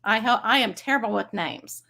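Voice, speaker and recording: A bubbly woman with a Texas accent chats casually to her livestream audience. Her voice sits a little high. She talks in a friendly, rambling way and laughs easily. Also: expressive, moderate pace, creaky, sharp tone. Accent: Texan. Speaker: psychic medium livestream host.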